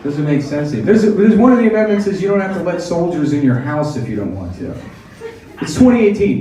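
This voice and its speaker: A man doing a sardonic stand-up set on a club stage, tossing in quick mock voices. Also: fairly high pitch, lively intonation, noisy background. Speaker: stand-up comedian. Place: comedy club stage with audience laughing. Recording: echoey live room, heard from a distance, crowd laughter. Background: audience laughter.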